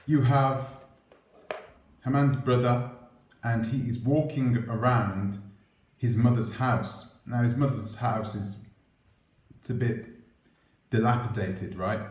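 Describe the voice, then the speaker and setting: A man's voice: mid-range voice, steady tone, takes it slowly, pauses often, a little mellow. A man hosting his own commentary channel, talking casually to camera on a clip-on mic, rambling and asking his viewers rhetorical questions. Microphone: clip-on microphone.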